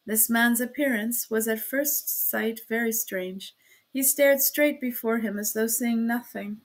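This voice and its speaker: A woman reading a classic novel aloud, steady in her narration, with casual asides to listeners. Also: fairly high pitch, measured pace. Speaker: audiobook reader.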